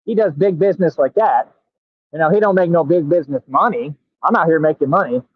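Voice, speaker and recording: A man hosting a combative stream, boasting and confronting commenters, stretching words slowly for emphasis. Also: a little high, slightly rough, no room sound. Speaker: radio show host. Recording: tinny phone-like sound, dry.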